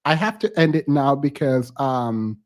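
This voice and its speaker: Slow, emotional male streamer signing off. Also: medium pitch, lively intonation. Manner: touched and thankful, halting. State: close to tears. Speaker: live stream host. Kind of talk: casual live stream sign-off.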